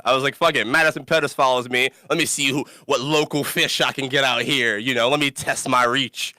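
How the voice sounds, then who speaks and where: Young man, podcast host, bright voice, dry close sound, animated, laughs a lot. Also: medium pitch, fairly quick, dry recording. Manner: animated storytelling, laughs often, cusses freely. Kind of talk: casual podcast banter.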